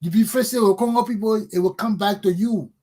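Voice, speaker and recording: Husky-voiced Liberian man scolding. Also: high voice, fairly quick, mellow. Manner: blunt, scolding, insulting. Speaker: talk show host. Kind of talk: impassioned political commentary.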